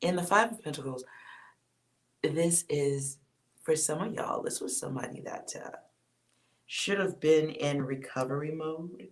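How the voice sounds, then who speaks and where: A tarot reader giving a loose, casual reading to viewers, blunt and sometimes swearing, trailing off into quiet asides with sighs. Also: mid-range voice, takes it slowly, pauses often.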